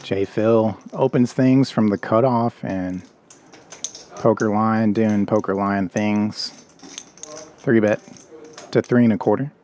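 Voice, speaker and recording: Man, wry poker commentator, fairly low voice, light background hiss. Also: fairly even intonation, takes it slowly, long pauses, mellow. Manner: playful, wry. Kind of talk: play-by-play commentary.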